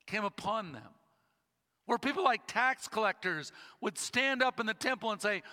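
A man preaches with a high, bright voice, slowing into dramatic pauses as he tells a story. His words ring out with a long reverb in a church hall. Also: lively intonation. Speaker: pastor. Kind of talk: sermon.

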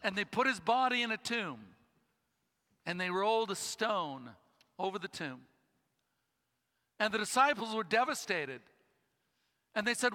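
Bright-voiced preacher man in a hall. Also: high voice, expressive. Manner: storytelling with slow dramatic pauses. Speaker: pastor. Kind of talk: sermon.

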